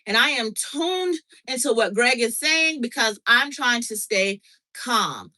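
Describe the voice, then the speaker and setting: A woman's voice: a little high, rough recording. A middle-aged woman hosting a casual chat, animatedly recounting a story and checking in with her listener. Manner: animated, reenacts dialogue, frequent "okay?" check-ins. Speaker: podcast host.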